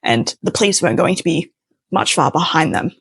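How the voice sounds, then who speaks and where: A woman's voice: sits low, expressive, brisk, breathy edge, no room sound. A young adult woman telling a personal story in a chatty way, with plenty of casual fillers.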